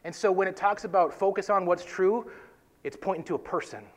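Brief: man, slightly higher voice, casual earnest Bible teaching, conversational with soft emphatic drops. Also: brisk. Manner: conversational, tags points with "right?".

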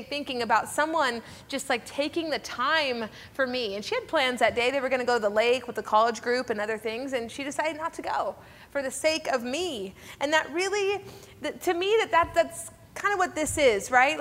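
A woman's voice: on the high side, a bit bright. A woman in her thirties co-hosting a faith talk, speaking earnestly and conversationally, often turning to her listeners. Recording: long reverb.

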